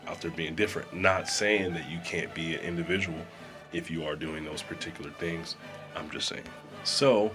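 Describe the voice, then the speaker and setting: A man chatting casually to camera as a vlogger, rambling with lots of fillers, in a small sound-deadened room. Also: low-pitched. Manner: rambling, filler-heavy, conversational. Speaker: vlogger and musician.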